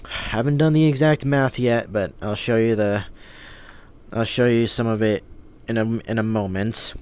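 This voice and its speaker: A man's voice: on the low side, steady tone, moderate pace, darkish tone, clean tone. A man vlogging a casual storytime in a frustrated, rambling way, swearing often and restarting his sentences.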